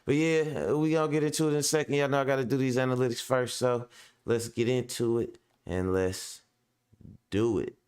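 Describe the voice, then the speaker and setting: A man's voice: medium pitch, fairly even intonation, moderate pace, darkish tone, smooth. A man hosting a casual live stream, talking in a loose, rambling, slangy way and laughing often, a little under the weather. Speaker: host of a commentary stream.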